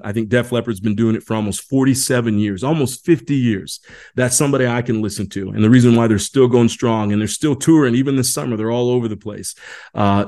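A man of middling pitch talks loosely to a group over a video call. He often stumbles and repeats his words as he tells a story. Later he shifts to reading a passage aloud. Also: a little mellow. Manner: chatty, restarts and repeats words. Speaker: leadership series presenter. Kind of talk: informal talk on a group call, then reading an article aloud.

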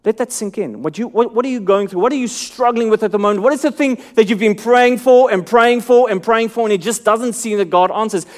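High-voiced earnest male preacher. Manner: earnest, rhetorical questions, drops low and soft for emphasis. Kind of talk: sermon.

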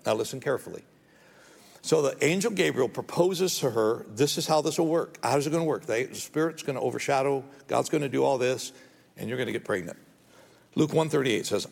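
Gravelly-voiced pastor preaching in a hall. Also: male voice, mid-range voice, animated, normal speed. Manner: earnest, rises to pleading when voicing prayers. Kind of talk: sermon.

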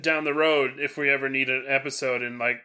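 A man's voice: mid-range voice, steady tone, fairly quick, bright, forceful tone. A man hosting a casual podcast who rambles, swears, and stresses his words oddly. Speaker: podcast host.

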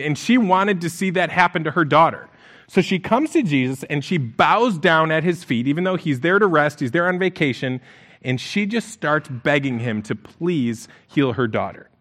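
A man's voice: a little high, fairly bright tone. A male pastor, preaching a conversational sermon and reading scripture aloud.

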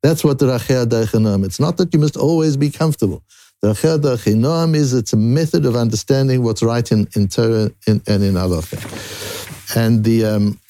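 Gravelly guy teaching talmud, dry close mic, jumps up high when he makes a point. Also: no echo. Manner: animated rising emphasis, frequent restarts, Hebrew and Yiddish terms. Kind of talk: Daf Yomi Talmud lesson.

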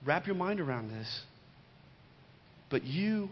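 A middle-aged male pastor delivers a sermon in a high voice. He hammers key lines by repeating them and drifts into joking personal stories. The sound is dull and lo-fi, with a long hall reverb trailing his words. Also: animated, normal speed, slight background noise.

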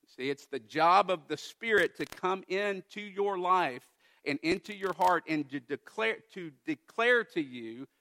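A man's voice: a little high, fairly bright tone. A man preaching a sermon to a congregation as pastor, earnest and building to emphatic exhortation.

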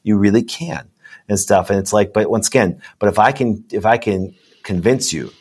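A man's voice: lowish voice, moderate pace, darkish tone, husky. A man speaking as a guest doctor in a casual interview, rambling and emphatic, often asking "you know what I'm saying".

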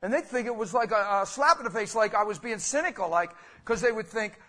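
A man's voice: high voice, brisk, hardly any pauses, sharp tone. A man preaching a sermon as a pastor, passionate and conversational, talking straight to his listeners.

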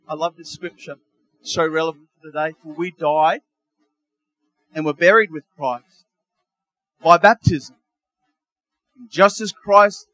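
Pastor, male, middle-aged, high-pitched and lively, chuckles through homely asides in his sermon. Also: dry recording, rough recording.

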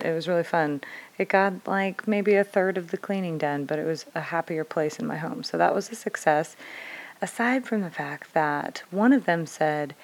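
Woman in her thirties, deep low voice, casual candid storytelling, reflective. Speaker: parent vlogger.

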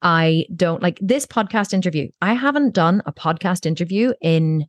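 Low-voiced woman telling candid stories. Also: expressive, moderate pace, no echo. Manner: candid storytelling, casual swearing. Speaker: podcast guest. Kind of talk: conversational podcast interview. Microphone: own podcast microphone.

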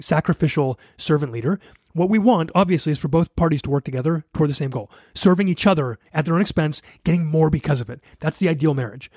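A man's voice: on the high side, darkish tone, breathy edge, no room sound, clean studio sound. A man in his thirties hosting a solo podcast, giving blunt coaching advice straight to his listeners. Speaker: podcast host.

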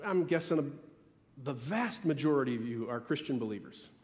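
A man preaching a sermon as pastor, emphatic, repeating key phrases with dramatic pauses. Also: medium pitch, expressive, a little mellow, long reverb tail.

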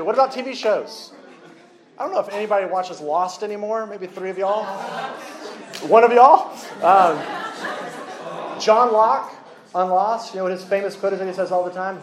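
A man preaching a sermon, lively and joking with the congregation. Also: high-pitched, normal speed, long pauses, a faint crowd. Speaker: pastor.

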